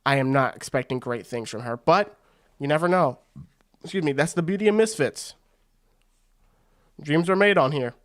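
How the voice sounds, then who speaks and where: A man's voice: on the high side, moderate pace, long pauses. A man hosting a fight watch party, giving casual, rambling commentary full of slang. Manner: excitable and rambling, slangy with frequent "bro".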